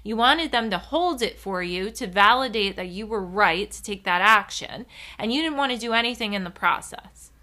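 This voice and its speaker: A woman hosting a solo podcast, talking in an animated, rambling way with frequent giggles. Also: medium pitch, moderate pace. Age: adult. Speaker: podcast host.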